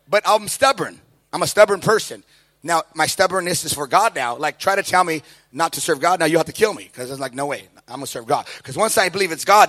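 A middle-aged preacher tells his testimony in an animated way, slipping into the voices of the people in his story. His voice sits a little high for a man, and he swings from quiet asides to loud, excited peaks. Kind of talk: sermon testimony.

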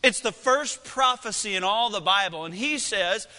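A man preaching a sermon as pastor, swinging from loud, excited lines to hushed, slow ones. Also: sits high, big-room sound.

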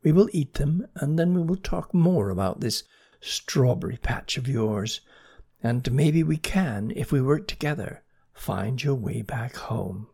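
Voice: medium pitch, animated, a little slow, creaky, warm tone, slightly rough, exaggerated voice. A storyteller voicing a stern, suspicious female snail in a children's story. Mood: huffy. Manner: suspicious, scolding. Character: stern fussy female purple-banded snail.

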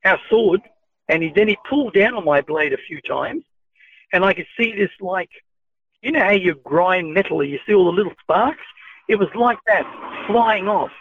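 A man recounting his own experiences as a story, retelling each line of dialogue in a measured way. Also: sits high, lively intonation, dry recording. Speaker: channeled speaker recounting adventures. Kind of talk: first-person storytelling. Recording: tinny phone-like, dry.

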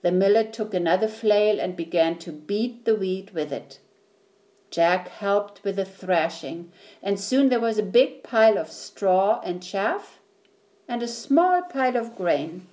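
Slow-reading woman storyteller. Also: mid-range voice, lively intonation, a little mellow. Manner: slow, clear, deliberate reading. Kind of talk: reading a children's story aloud.

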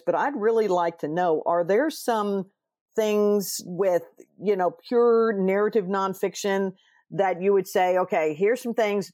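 Woman host asking measured questions. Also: medium pitch, a little mellow. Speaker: podcast host. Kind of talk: interview questions.

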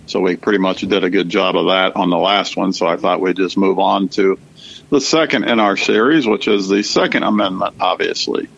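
A man with a low, gravelly voice talks politics casually as a co-host. His delivery is measured and conversational, full of small fillers. The recording sounds dull and lo-fi. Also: fairly bright tone. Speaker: podcast co-host.

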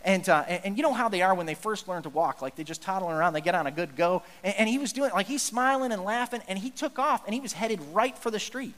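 A man's voice: sits high, lively intonation, quick pace, few pauses, fairly bright tone, big-room sound. A male pastor giving an earnest, conversational sermon, often restarting his sentences.

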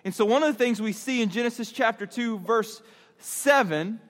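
A man preaching to a youth group, animated and conversational, telling a story and laughing along. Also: very high voice, moderate pace. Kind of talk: storytelling sermon. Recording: long hall reverb.

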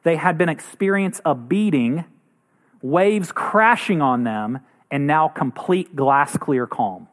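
A man's voice: lively intonation, slow. A man preaching a sermon as pastor, earnest, acting out quoted voices now and then. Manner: earnest, acts out quoted voices with rising pitch.

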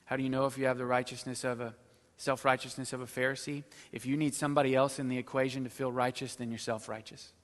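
A middle-aged man preaching a sermon as pastor, swinging between loud emphatic stretches and low, quiet asides. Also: little pitch movement, fast talker, long reverb tail.

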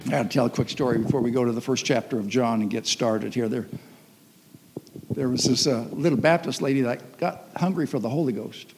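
A man's voice: medium pitch, brisk, slightly rough, soft background music. A man preaching a sermon as pastor, telling stories and acting out voices. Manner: storytelling, animated, acts out voices. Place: church hall. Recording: long reverb of a church hall.

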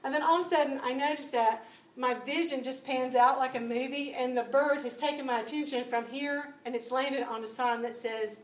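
A woman giving a spoken testimony to a church audience, telling stories with lively acted-out dialogue. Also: sits high, normal speed. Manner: animated storytelling, acting out dialogue. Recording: echoey room, distant mic, faint noise.

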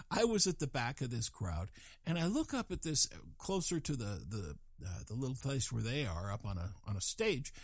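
A man's voice: mid-range voice, breathy edge, dry recording, clean studio sound. An older man from Colorado telling a rambling, self-deprecating story and acting out the voices of people in it. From Colorado, USA. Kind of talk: casual spoken anecdote.

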